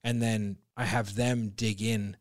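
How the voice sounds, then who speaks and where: A man's voice: fairly low pitch, little pitch movement, slow pace, no room sound, clean studio sound. A man talking sales as a podcast guest, blunt and emphatic, swearing freely and restarting his sentences often. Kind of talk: casual podcast conversation.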